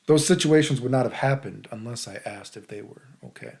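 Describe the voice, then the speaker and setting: A man's voice: mid-range voice, brisk, vocal fry, darkish tone. Crude, rambling man telling a story. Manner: crude, rambling, lots of "dude" and "right?". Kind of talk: casual storytelling vlog.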